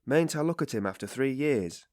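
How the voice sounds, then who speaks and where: A man's voice: mid-range voice, lively intonation, normal speed, darkish tone, no room sound, clean studio sound, voice pushed up, close to an everyday voice. A man voicing an anxious, tearful middle-aged mother who pleads with her son in a raised, fretful voice. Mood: anxious pleading.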